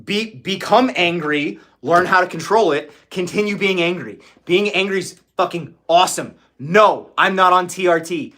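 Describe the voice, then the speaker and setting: A man's voice: high-pitched, moderate pace, few pauses, bright, forceful tone. A man hosting a casual livestream chat, ranting with lots of swearing and laughing often. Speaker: livestream host.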